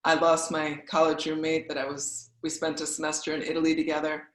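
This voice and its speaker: A woman's voice: low-pitched, monotone, a little fast. A woman in her forties, from the US Midwest, telling her personal story as a guest speaker in a candid, conversational way. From Wisconsin, US Midwest. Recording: roomy echo.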